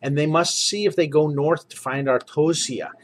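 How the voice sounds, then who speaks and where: A man's voice: a little high, normal speed. A man game master giving an earnest, rambling recap and introducing characters for his tabletop group. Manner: earnest, rambling, self-correcting.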